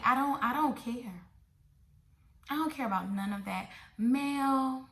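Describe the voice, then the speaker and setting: A woman's voice: a little high, fairly bright tone. Sassy blunt woman in an echoey room. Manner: sassy, blunt, repetitive, talks straight to viewers. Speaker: reality TV recap vlogger. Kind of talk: casual opinionated show review.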